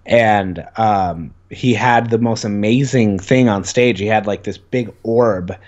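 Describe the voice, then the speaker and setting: A man's voice: on the low side, slow, a little mellow, muffled recording. A young man as an interview guest, telling stories in a rambling, eager way, full of fillers. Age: young adult. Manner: rambling, many "like" fillers, enthusiastic storytelling. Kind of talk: casual conversation.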